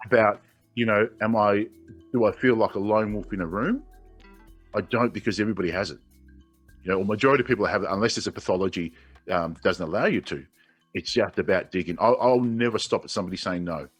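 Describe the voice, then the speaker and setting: A man's voice: fairly low pitch, quick pace, breathy edge, faint music behind. A man in his forties with an Australian accent, telling his own story as an interview guest, earnest and emotional, often restarting his sentences. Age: 40s. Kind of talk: candid personal storytelling.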